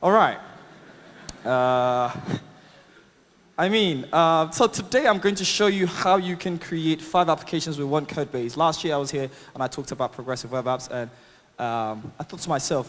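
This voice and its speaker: A man with an accent speaks on a conference stage in a casual, upbeat way, dropping fillers and chuckling at his own asides. His voice sits a little high. It carries a long reverb from the large hall. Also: expressive, measured pace, a bit bright, slight background noise. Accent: non-native English accent. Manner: upbeat, chatty, laughs at own jokes, many fillers. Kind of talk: live tech talk with demo.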